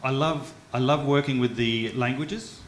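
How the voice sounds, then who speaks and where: An Australian man performs a stand-up comedy set on a club stage, self-mocking and chatty, tripping over his words. His voice sits at an ordinary middle pitch. The club sounds roomy, with faint noise behind him. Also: measured pace. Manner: chatty, self-mocking, with frequent stumbles and fillers.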